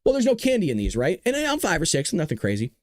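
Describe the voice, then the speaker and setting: Talk show host, man in his 30s; high pitch, very animated delivery, jokey storyteller. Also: fast talker, no echo, studio quality. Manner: animated joking storyteller, laughs often. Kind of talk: casual livestream talk and storytelling.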